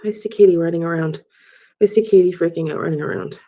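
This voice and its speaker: Woman, psychic medium, live channeling; halting, repetitive, slips into whispers, dark soft tone. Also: lowish voice. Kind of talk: live spirit-channeling session.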